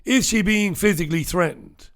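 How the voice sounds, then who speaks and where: A high-pitched man with a fairly bright tone speaks at normal speed. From Ireland, he hosts a solo newspaper review, reading viewers' live chat comments aloud and tossing in blunt, sarcastic, profane asides.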